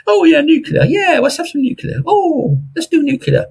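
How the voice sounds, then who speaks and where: A man mockingly putting on a fawning, gushing crowd voice in a shrill, sing-song manner. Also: wildly swooping pitch, normal speed, creaky, darkish tone, heavily acted. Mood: gushing mockery.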